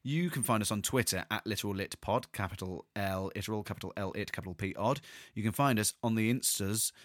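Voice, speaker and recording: A man's voice: fairly low pitch, fairly quick, no room sound, studio quality. A man co-hosting a casual podcast, running a quiz and joking around. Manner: teasing, jokey quizmaster. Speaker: podcast co-host.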